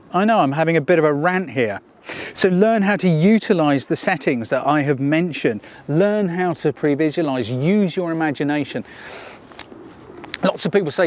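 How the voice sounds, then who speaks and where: Out in the open, a man with a slightly high voice rants to novice photographers, casual and fired up, hammering points through repetition and tossing in occasional sarcasm. Faint background noise can be heard.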